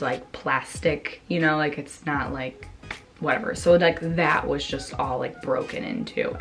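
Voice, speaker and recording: A young woman talks straight to her camera in a loose, rambling storytime, full of "like" and "you know" and sudden swearing. Her voice sits a little low for a woman. Faint music plays underneath. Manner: rambling, many fillers, swears, reenacts her own reactions. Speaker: vlogger telling a story. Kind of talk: casual storytime chat.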